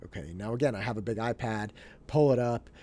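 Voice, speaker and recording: A man in his thirties telling a story in a casual, animated way, acting out bits of family conversation. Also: fairly low pitch, fairly quick, slight background noise. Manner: animated, acts out family dialogue, restarts and fillers. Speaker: podcast host.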